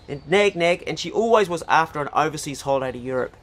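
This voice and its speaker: A middle-aged man with a New Zealand accent spins silly yarns between outdoor jobs, his voice sitting a little high. He talks in a relaxed, folksy way and slips into playful voices for the people in his jokes. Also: quick pace, few pauses. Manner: folksy storyteller, drops into put-on voices for joke characters. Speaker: vlogger. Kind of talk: casual joke-telling vlog. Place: outdoors at a house truck.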